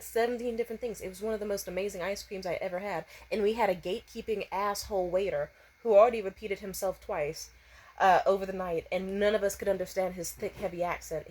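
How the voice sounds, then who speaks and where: Profane, animated young woman ranting. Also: mid-range voice, breathy edge. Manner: profane, animated, breaks into exaggerated voices for quotes. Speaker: storytime vlogger. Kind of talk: casual storytime rant.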